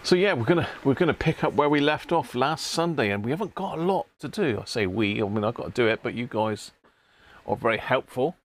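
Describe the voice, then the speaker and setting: A man's voice: medium pitch, lively intonation, fairly quick, slight background noise. Chatty man hosting a live stream. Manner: chatty, greets viewers by name, drops in throat clears. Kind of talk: casual live-stream chat greeting viewers. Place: home workshop.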